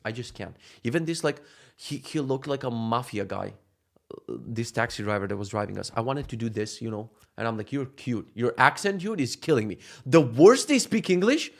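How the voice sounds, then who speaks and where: A man's voice: on the low side, vocal fry. Joking, profane man telling stories. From Macedonia. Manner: profane, joking, animated storytelling. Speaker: vlogger. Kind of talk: casual monologue.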